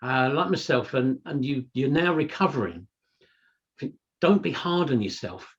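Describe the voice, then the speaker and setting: A man's voice: mid-range voice, lively intonation, a little slow, lo-fi sound. A man co-hosting a podcast, chatting casually and telling stories full of "you know". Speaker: podcast co-host. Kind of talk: casual chat.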